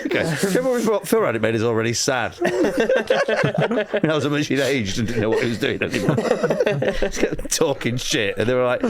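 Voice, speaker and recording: A man's voice: on the high side, wildly swooping pitch, moderate pace, pauses often. A man, a comedian telling a rambling, self-mocking story as a podcast guest, laughing often. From Lancashire, England. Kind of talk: casual anecdote telling.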